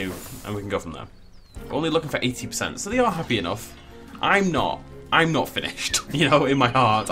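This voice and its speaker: A man's voice: on the low side, pushed and bright. A man giving casual, playful commentary while he plays a video game, full of jokey asides. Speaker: let's play host.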